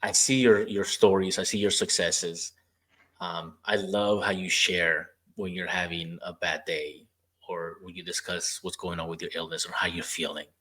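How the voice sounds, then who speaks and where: A low-voiced man hosts a relaxed podcast conversation. He tells stories from his therapy work and acts out what people said. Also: moderate pace. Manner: storytelling, acting out quoted dialogue. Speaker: podcast host; former rehab therapist. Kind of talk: casual interview chat.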